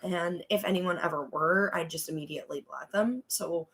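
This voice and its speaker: A woman's voice: on the low side, moderate pace, fairly bright tone. Chatty woman ranting on a podcast. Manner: chatty, rants with mock exasperation. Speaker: podcast co-host. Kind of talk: casual recap chat.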